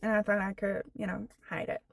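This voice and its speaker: A woman in her forties telling her own story on a personal vlog, slow and halting, with many fillers, earnest and candid. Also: medium pitch, little pitch movement, vocal fry, no room sound. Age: 40s. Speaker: vlogger.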